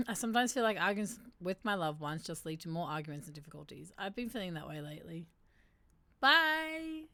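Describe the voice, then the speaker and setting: A woman's voice: medium pitch, fairly bright tone, no echo. A woman hosting a casual livestream, reading quiz statements aloud and adding wry asides to her viewers. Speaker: livestream host.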